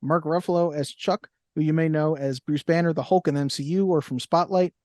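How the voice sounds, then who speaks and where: Young guy cohosting a movie podcast, kinda high voice, dry mic, rambles through cast lists. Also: steady tone, fairly quick, darkish tone, dry recording. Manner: chatty, reads reviews and cast lists aloud. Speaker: podcast co-host. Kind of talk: casual chat.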